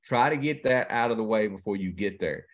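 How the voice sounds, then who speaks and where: A man's voice: fairly low pitch, animated, a little fast. A man, a professional angler telling stories in a casual interview chat. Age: 50s. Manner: folksy storyteller, drawling, quotes others in conversation. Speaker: guest angler.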